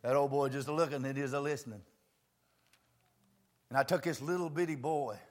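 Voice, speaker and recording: A man preaching a homespun storytelling sermon in plain words, dropping to low murmurs and rising to fervent shouts. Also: moderate pace. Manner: plain homespun phrasing with many asides.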